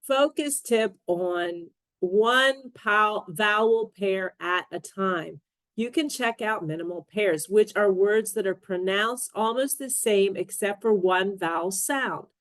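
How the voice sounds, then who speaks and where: Slow, deliberate woman teaching pronunciation. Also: medium pitch, a bit bright, no room sound. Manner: deliberate, models word pairs clearly. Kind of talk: slow scripted pronunciation lesson.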